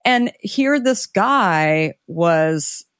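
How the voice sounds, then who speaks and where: A middle-aged woman, an interview guest, telling a story in a conversational way, animated and acting out the dialogue she quotes. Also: mid-range voice, extremely slow, no room sound, studio quality.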